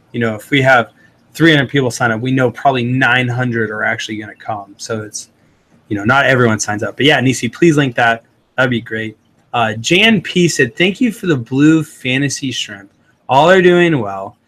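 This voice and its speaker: A man's voice: medium pitch, a bit bright. Casual man hosting a livestream. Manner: reads viewer comments aloud and answers them casually. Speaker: livestream host.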